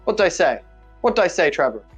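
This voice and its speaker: A man voicing a bossy, exasperated older gentleman fencer who scolds the people around him. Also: a little high, sing-song, fast talker, husky, soft background music, pitched above the performer's own voice.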